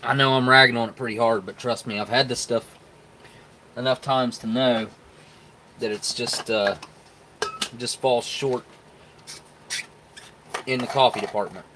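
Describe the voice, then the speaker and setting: Brief: male stream host, mid-pitched, relaxed folksy chatter, talks straight to viewers. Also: unhurried, pauses often, noisy background. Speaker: live stream host reviewing military rations. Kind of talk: casual live-stream chat.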